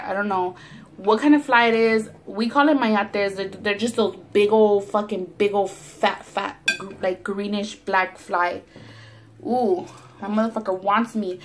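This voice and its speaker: A young woman with a Los Angeles Chicano English accent tells stories animatedly between bites, swearing freely. Her voice sits at a middling pitch for a woman. She talks casually into a camera set on the table at home. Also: unhurried. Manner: profane, animated storyteller. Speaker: mukbang vlogger. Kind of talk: casual storytelling while eating. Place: home, near a window at sunset.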